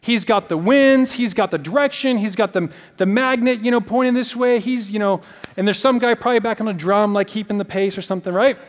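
A man's voice: high-pitched, fairly quick. A man preaching a sermon, telling stories animatedly with lots of casual fillers. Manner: animated storytelling with many fillers. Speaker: pastor. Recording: long reverb of a large hall.

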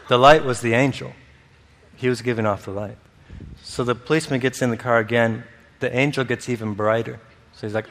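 Preaching at a moderate pace in a medium, fairly bright voice with fairly even intonation, this man tells stories throughout his sermon. He laughs often and performs the voices of the characters, all heard with long hall reverb.

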